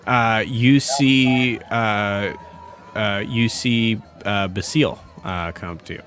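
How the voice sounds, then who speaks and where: A man's voice: on the low side, takes it slowly, a bit bright, faint music behind. A man running a tabletop game as game master, meandering with lots of fillers.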